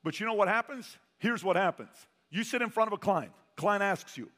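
This sales trainer's voice sits high, with a sharp tone and expressive delivery at normal speed. Speaking to a sales audience in a reverberant hall, he spins motivational stories and acts out the people in them.

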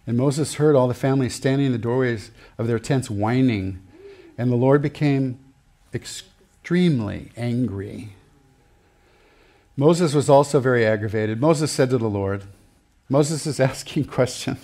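A man's voice: mid-range voice, a little slow, warm tone. Chatty middle-aged man preaching a sermon. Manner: chatty, laughing storyteller who acts out quotes. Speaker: pastor.

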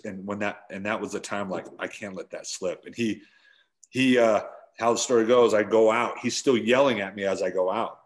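Low-voiced man telling baseball stories. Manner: animated storyteller, acts out yelling quotes. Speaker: former pro baseball catcher, guest. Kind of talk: casual storytelling interview.

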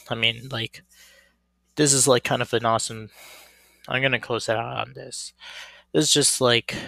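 A man's voice: medium pitch, creaky, fairly bright tone, no echo. A man hosting a casual solo wrestling commentary, rambling with lots of fillers and restarts. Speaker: wrestling podcast host.

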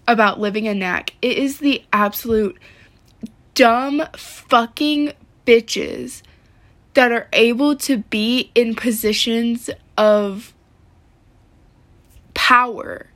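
Upset and near tears, a woman vlogs to camera in a rambling way that's packed with "like" and frequent swearing. Her fairly high, slightly bright voice draws words out, with long pauses.

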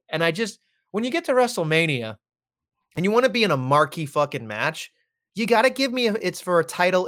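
A man's voice: a little high, a bit bright. A man co-hosting a wrestling podcast, ranting heatedly and swearing constantly in casual chat. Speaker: podcast co-host.

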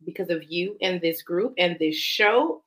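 A woman's voice: on the low side, lively intonation, measured pace, low-quality recording. Brash, blunt woman co-host. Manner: blunt, brash, loud joking. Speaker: podcast co-host. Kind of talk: casual chat.

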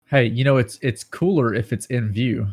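A man's voice: medium pitch, moderate pace, husky. An American man with a Southern twang, hosting a casual podcast chat over a call and joking around with his co-hosts. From United States. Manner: joking, animated, drifts into a put-on twang. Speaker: podcast host.

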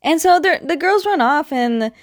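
A woman casually recapping a comic book story, chatty and quick with asides, filling her retelling with "like". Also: high voice, animated, no echo, clean studio sound.

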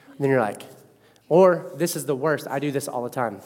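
A man in his thirties preaching a sermon as pastor, animated and conversational, with self-mocking asides. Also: medium pitch, moderate pace, big-room sound.

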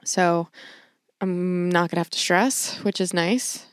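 A woman's voice: lowish voice, steady tone, slow pace, clear, resonant tone, no echo, studio quality. A woman co-hosting a podcast in casual chat, laughing often and swearing casually. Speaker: podcast co-host.

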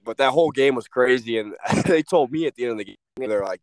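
A man's voice: medium pitch, animated, fast talker, few pauses, smooth, dry recording. A young man, a former hockey player, telling rambling stories as a podcast guest. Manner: rambling, restarts, lots of "like" and swearing. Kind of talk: casual storytelling.

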